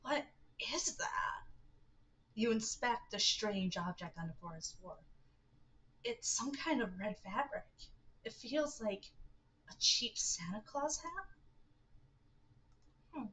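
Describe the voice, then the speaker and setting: A woman's voice: medium pitch, sing-song, slow, pauses often, a bit bright, poor audio. A young woman livestreaming a dating game, reading its text aloud with giggly, chatty asides. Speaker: streamer.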